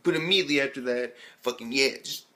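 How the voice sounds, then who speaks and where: A man's voice: mid-range voice, quick pace. A young man giving a casual, rambling anime episode review, swearing often and switching from hyped to unsure. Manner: profane, rambling, excitable, lots of fillers.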